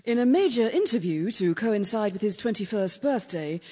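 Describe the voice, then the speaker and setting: A woman voicing a crisp, formal news announcer. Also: medium pitch, expressive, moderate pace, dark tone, natural voice.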